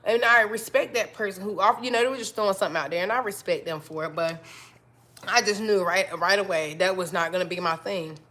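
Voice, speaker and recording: A woman's voice: mid-range voice, steady tone, fairly quick, a bit bright. A woman hosting a live stream, talking casually and encouragingly to her viewers, often repeating herself and calling them y'all. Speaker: livestream host.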